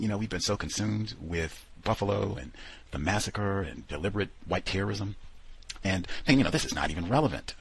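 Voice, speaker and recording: A man's voice: sits low, lively intonation, fairly quick, gravelly, slightly rough, poor audio. A man hosting a radio talk program, telling stories animatedly with lots of quoted asides and fillers. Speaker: radio show host.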